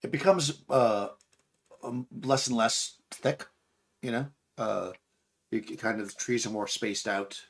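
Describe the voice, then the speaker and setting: A man's voice: medium pitch, a little slow. A man narrating as game master for a tabletop game, rambling with fillers and restarts.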